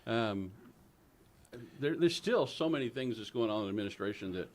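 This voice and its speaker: A man's voice: fairly low pitch, expressive, normal speed. A man, co-hosting a casual political talk show in a folksy, joking, opinionated way.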